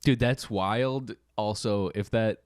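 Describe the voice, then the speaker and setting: A man's voice: on the low side, takes it slowly, smooth, no room sound, studio quality. A man co-hosting a comedy podcast, chatting in a laid-back way with short reactions and riffs. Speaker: podcast co-host. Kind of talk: casual comedic chat. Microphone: close podcast mic.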